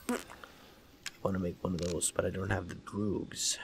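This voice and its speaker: Sick, gravelly young man swearing through horror game. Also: low-pitched, level tone, moderate pace, long pauses, noisy background. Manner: profane, jumpy, talks to himself. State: sick, voice deep and raspy. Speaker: gaming let's-player.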